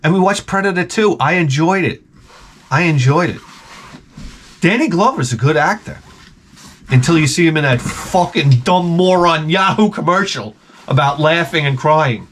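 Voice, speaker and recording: A middle-aged man telling rambling, profane stories in a casual vlog, jumping into loud joking exclamations. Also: on the high side, moderate pace, a little hiss or hum. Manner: excitable, profane, jokey, with sudden loud exclamations. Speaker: video game vlogger.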